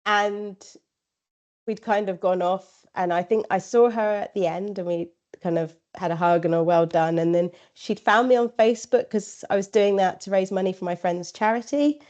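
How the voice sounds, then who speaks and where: A woman's voice: medium pitch, steady tone, normal speed, darkish tone. A woman, a podcast guest chatting casually, rambling with lots of fillers and quoted asides. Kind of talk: casual interview chat. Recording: slightly dull lo-fi audio.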